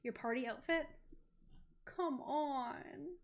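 A woman's voice: sits high, slow pace. Giggly young woman streaming a game. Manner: giggly, chatty, coos at game characters. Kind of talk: casual gameplay commentary.

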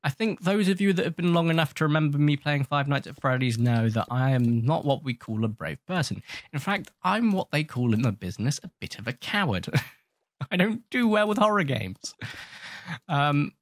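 A man's voice: a little high, lively intonation, normal speed, dry recording. A man hosting a gaming channel, giving rambling, jokey, self-mocking commentary while he scolds the creatures in his game. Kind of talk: casual gameplay commentary.

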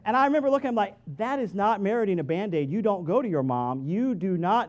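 A middle-aged male pastor giving a conversational sermon in a church, moving between quiet asides and loud, emphatic peaks. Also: high-pitched, animated, brisk. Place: church sanctuary.

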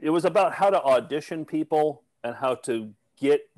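A man co-hosting a comedy video podcast in casual chat, with jokey, self-mocking, deadpan patter. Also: a little high, normal speed, no room sound, rough recording. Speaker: podcast co-host.

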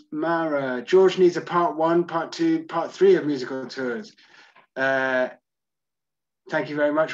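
A man answers viewers' questions in an easygoing, self-deprecating way, moving from one comment to the next. His voice sits a little high for a man. The sound is dull and lo-fi, like an online call. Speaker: tour guide. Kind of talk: live Q&A reading audience comments.

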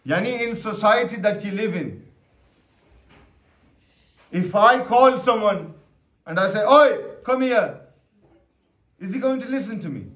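A man's voice: sits high, lively intonation, normal speed, pauses often, a bit bright. A man preaching a sermon, asking the audience questions and calling on listeners by name. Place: religious gathering hall. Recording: echoey hall.

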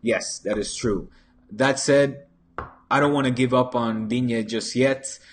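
A man's voice: mid-range voice, fairly even intonation, takes it slowly, slight background noise. A man hosting a live football channel, chatting casually, reading viewer comments and rambling with many restarts and stray Spanish phrases, into a desk microphone.

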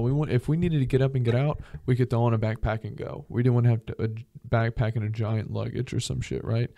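Male podcast guest, mellow low-bright tone, profane rambling storyteller, dry close sound. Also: fairly even intonation, fast talker, gravelly, few pauses, dry recording. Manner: profane, rambling, acts out voices in his stories. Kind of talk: casual storytelling.

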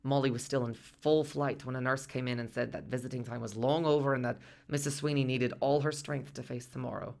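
A man's voice: medium pitch, fairly even intonation, brisk, vocal fry, few pauses, natural voice. A man narrating a radio drama monologue as its main character, reflective and self-reproaching.

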